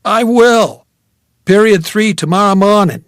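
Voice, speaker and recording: An earnest, easygoing teenage boy who speaks respectfully and eagerly, as a male narrator puts him on. The voice sits a touch higher than usual. The recording is close and dry for a storybook reading. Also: measured pace, no echo. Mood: friendly. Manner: polite, eager.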